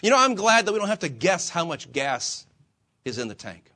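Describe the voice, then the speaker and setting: A man's voice: high-pitched, sing-song, moderate pace, pushed and bright. A man preaching a sermon to fellow believers, swinging his emphasis and asking rhetorical questions. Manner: acts out quoted voices of himself and the Lord. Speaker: pastor.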